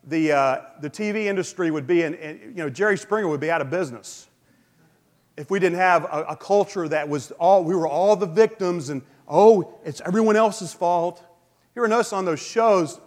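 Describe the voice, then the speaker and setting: A male pastor preaching a sermon in a relaxed, conversational way, with frequent fillers. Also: sits high, brisk. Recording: long hall reverb.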